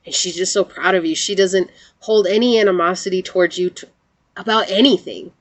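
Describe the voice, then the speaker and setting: Gentle, earnest woman reading tarot. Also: fairly low pitch, fairly even intonation, fairly quick. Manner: gentle, earnest, speaks straight to the listener; fills speech with "like" and repeats phrases. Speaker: tarot reader.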